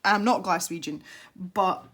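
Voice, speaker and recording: Scottish lady rambling away while she colours, bit lower voice, chatty and a wee bit self-deprecating. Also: unhurried, a bit bright. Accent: west of Scotland. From Scotland. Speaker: colouring tutorial YouTuber. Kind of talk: casual chat while colouring.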